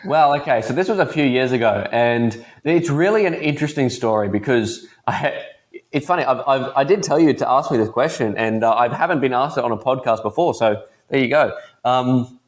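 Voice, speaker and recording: A teenage man with an Australian accent talks as a podcast guest. He tells stories in a relaxed, chatty, easygoing way. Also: mid-range voice, brisk. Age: teens. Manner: laid-back, chatty storyteller. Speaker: guest entrepreneur. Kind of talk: casual podcast interview.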